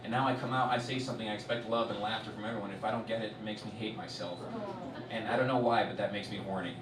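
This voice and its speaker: A young man from Miami doing a stand-up comedy set, swearing a lot and swinging from muttered asides to loud bursts. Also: fairly low pitch, fairly even intonation, quick pace. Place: large live comedy venue with audience. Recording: roomy, distant live stage recording with loud crowd noise.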